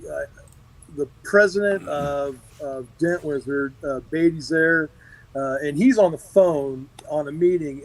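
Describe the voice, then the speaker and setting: A man, a guest on a live video call, telling a rambling story with lots of pauses and restarts. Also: on the high side, low-quality recording. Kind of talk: casual storytelling on a livestream.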